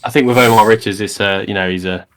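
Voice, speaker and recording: Low-voiced man on a football podcast. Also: steady tone, quick pace, a bit bright. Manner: conversational, thinks aloud with repeated starts. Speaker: podcast co-host. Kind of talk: casual football podcast chat.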